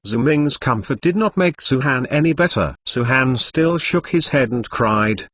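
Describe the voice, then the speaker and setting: A man's voice: medium pitch, lively intonation, unhurried, few pauses, fairly bright tone, no room sound. A man's voice narrating a novel in a machine-like read that speaks punctuation aloud.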